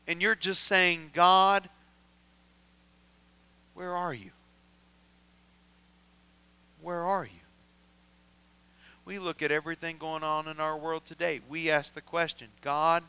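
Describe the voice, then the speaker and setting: This man has a Midwestern American accent and a fairly high, sharp, clear and resonant voice, though the audio is poor. Preaching a sermon as a pastor, he builds with swelling intensity into impassioned prayer, voicing scripture prayers.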